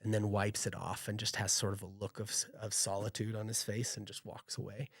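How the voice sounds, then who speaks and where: A man's voice: fairly low pitch, little pitch movement, fairly quick, a bit bright, husky, dry recording, studio quality. A man running a tabletop game as game master, narrating scenes in a loose, descriptive way.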